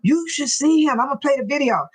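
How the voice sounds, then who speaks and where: A woman's voice: high-pitched, animated, quick pace, rough recording. A woman hosting a casual live stream, greeting viewers by name and reading out their comments, often laughing and teasing.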